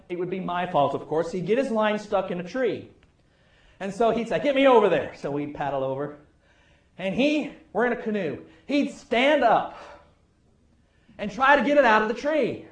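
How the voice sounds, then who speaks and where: A middle-aged man preaching a sermon, telling wry stories and praying, with his loudness rising and falling. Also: high-pitched, roomy sound. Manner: storytelling, wry, varies loudness widely. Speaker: pastor. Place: church sanctuary.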